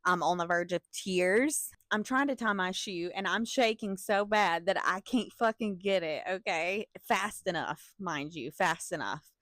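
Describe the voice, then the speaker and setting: A young woman tells a storytime in an animated, profane way, breaking off with laughs and asides to her viewers. Her voice sits at a middle pitch for a woman. The sound is close and dry, with no room echo. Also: a little slow, hardly any pauses. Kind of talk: casual storytime vlog.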